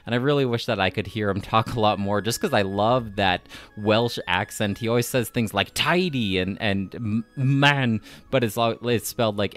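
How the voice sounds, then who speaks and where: Chatty young man reviewing a game. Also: lowish voice. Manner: chatty, enthusiastic, lots of "like" fillers. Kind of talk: casual spoken game review.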